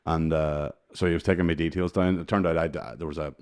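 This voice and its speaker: Man, low pitch, casual podcast chat, swears a lot, storytelling. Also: steady tone, fast, darkish tone, smooth. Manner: sweary, storytelling, laughs often. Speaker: podcast co-host.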